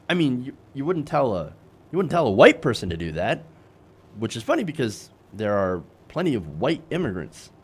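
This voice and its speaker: A man hosting a political commentary show, sarcastic and self-correcting, with many fillers. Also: medium pitch.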